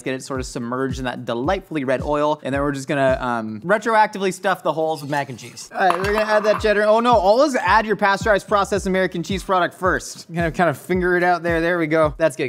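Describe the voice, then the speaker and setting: A man hosting a casual cooking demonstration in a kitchen studio, joking and wandering into rambling asides, jumping into a high squeaky voice when acting out stories. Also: fairly bright tone, a little hiss or hum. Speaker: cooking show host.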